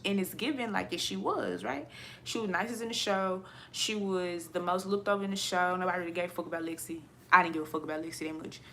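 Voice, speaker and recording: Woman going off to her viewers, bright sharp voice, cussing a lot, laughing, faint room hum. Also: on the low side, quick pace, gravelly. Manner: blunt, profane, animated, laughs often. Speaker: vlogger. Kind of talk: casual rant to viewers.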